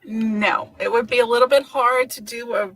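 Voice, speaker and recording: A woman's voice: a little high, steady tone, normal speed, a bit bright, poor audio. A woman co-hosting a radio show, laughing often and playing along. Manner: giggly, playful. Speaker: radio co-host. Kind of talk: casual radio banter.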